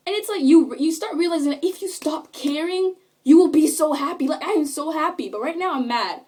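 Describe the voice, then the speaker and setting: Teen girl vlogger, high-pitched, emphatic and indignant, phone-recorded. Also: lively intonation, brisk, few pauses, a little mellow. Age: late teens. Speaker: high school student. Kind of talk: impassioned vlog rant. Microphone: phone camera.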